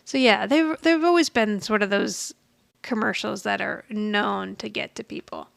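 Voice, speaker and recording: A woman's voice: mid-range voice, measured pace, gravelly. A woman co-hosting a podcast, casually retelling a sitcom episode scene by scene and laughing as she goes. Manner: retells scenes with quoted lines, laughs often. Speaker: podcast co-host. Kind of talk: casual recap chat.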